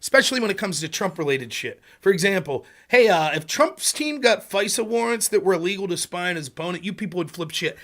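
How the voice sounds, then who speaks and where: Animated, mocking American man ranting. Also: high voice, quick pace, hardly any pauses. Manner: animated, mocking, slips into loud mocking quotes of opponents. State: sleepy. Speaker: political livestream host. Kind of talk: livestream political rant.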